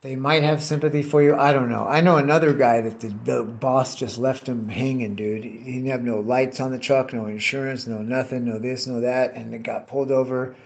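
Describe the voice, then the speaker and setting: A man's voice: medium pitch, fairly even intonation, fairly quick, vocal fry, hardly any pauses. A middle-aged man chatting casually and swearing a lot while he rants about old bosses and work crews. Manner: profane, ranting storyteller. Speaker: vlogger cutting bottles. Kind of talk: casual rambling chat. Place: tree care worker.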